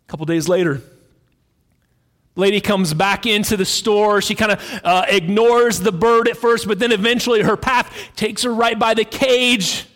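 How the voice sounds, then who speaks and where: High-voiced pastor preaching in a reverberant hall. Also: male voice, steady tone, moderate pace, a bit bright. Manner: conversational storytelling with fillers. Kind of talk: sermon.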